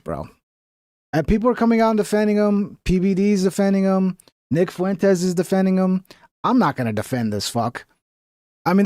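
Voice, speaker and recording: Male streamer, higher voice, dry close sound, blunt swearing commentary, casual. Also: a little mellow, no echo. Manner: blunt, profane, trailing off with bro and dude. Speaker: streamer reacting to clips.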